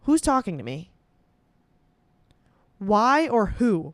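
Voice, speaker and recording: A woman's voice: mid-range voice, lively intonation, a little slow, smooth, no room sound. A young woman chatting casually and reacting as she goes, swearing and laughing often. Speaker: comedian doing a quiz on camera. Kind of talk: casual solo chat.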